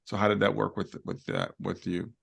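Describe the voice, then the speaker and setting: A man's voice: on the low side, level tone, normal speed, gravelly, fairly bright tone, husky. A man hosting a podcast interview, asking thoughtful, hesitant questions and affirming his guest often. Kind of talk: casual interview conversation.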